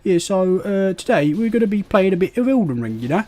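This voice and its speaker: A man's voice: high voice, big pitch swings, fairly quick, warm tone, pitched above the performer's own voice. A man putting on an exaggerated Cockney accent, playing a brash, cheery gamer bloke in a chirpy, hammed-up manner. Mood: cheeky.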